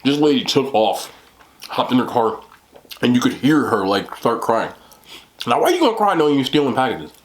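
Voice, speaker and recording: A man's voice: mid-range voice, big pitch swings, moderate pace. Guy chatting on his eating show, rambly, voice bouncing all over. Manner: rambling, full of "like" and "you know". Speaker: mukbang host. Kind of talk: casual chat while eating.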